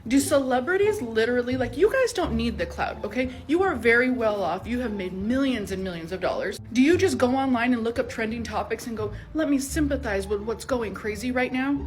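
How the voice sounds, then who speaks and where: A woman's voice: on the high side, animated, fairly quick, faint music behind. A woman commenting indignantly, firing off rhetorical questions. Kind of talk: reaction commentary.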